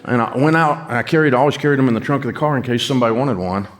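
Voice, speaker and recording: A man's voice: mid-range voice, very fast. A middle-aged man with a Southern US accent, telling a folksy, self-mocking story to an audience. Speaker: speaker addressing an audience. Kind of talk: storytelling talk.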